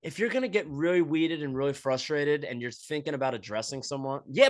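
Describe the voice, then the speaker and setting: A man hosting a podcast, delivering a crude, animated comedic monologue and acting out scenes. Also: medium pitch, brisk, no echo. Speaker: podcast host.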